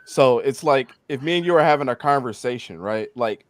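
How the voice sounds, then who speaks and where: A man's voice: mid-range voice, animated, fairly quick, no room sound, clean studio sound. A man guesting on a stream, talking in casual, profane chat in a rambling, emphatic way. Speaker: guest podcaster.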